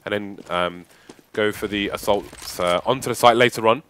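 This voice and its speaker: A man's voice: on the low side, normal speed, fairly bright tone, a little hiss or hum. A man giving analytical color commentary on a competitive shooter match, chatty and explaining positions. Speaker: esports caster. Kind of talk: live game commentary.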